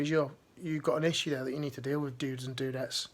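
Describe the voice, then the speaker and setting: A man's voice: mid-range voice, flat delivery, fast. A man giving a motivational life-coaching talk to camera, emphatic and direct, repeating his key phrases.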